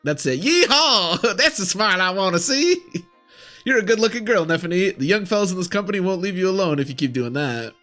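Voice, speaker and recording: Folksy old soldier, cheery and encouraging, pitched up and lively, as a man puts him on. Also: extremely slow, pauses often, soft background music, exaggerated voice. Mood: hearty.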